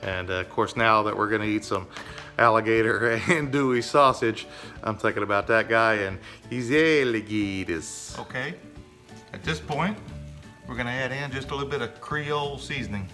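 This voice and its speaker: A man's voice: medium pitch, normal speed, pushed and bright. Man, home cook, casual chatty narration, fillers, background music.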